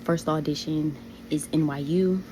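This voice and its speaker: A woman's voice: sits low, steady tone, measured pace. A young woman filming an upbeat, hopeful vlog to the camera. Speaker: vlogger. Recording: phone vlog clip with ambient noise.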